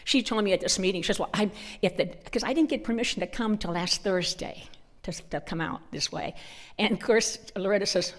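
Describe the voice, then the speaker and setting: Middle-aged lady telling church stories, does all the voices, echoey hall. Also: medium pitch. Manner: animated storyteller acting out dialogue. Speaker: conference speaker. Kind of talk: humorous church talk. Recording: long hall reverb.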